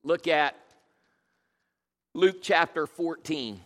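Male pastor, playful storyteller, high bright voice, reverberant sanctuary. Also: extremely slow. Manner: jokey, animated, self-deprecating storytelling. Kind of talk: humorous sermon. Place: church. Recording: long reverb of a large church hall.

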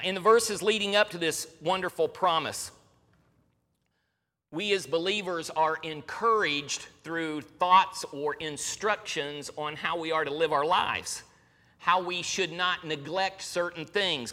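Man, middle-aged pastor, sermon, emphatic, high voice, long hall reverb. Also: sharp tone. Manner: emphatic preaching, repeating words for weight.

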